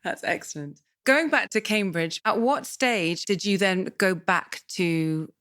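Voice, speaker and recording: A woman interviewing a guest, asking attentive, unhurried questions. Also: medium pitch, fairly bright tone.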